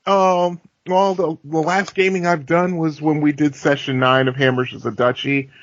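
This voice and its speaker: A man co-hosting a podcast in a relaxed chat, answering in a dry, laid-back way. His mid-pitched voice sounds dry and a bit dull on the lo-fi recording. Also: normal speed, no echo. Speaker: podcast co-host and game master. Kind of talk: casual chat.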